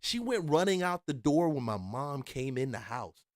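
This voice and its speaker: A man from Philadelphia hosting a reaction channel, telling a casual story in an animated, slang-heavy way with laughing asides. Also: medium pitch, moderate pace, dry recording, clean studio sound.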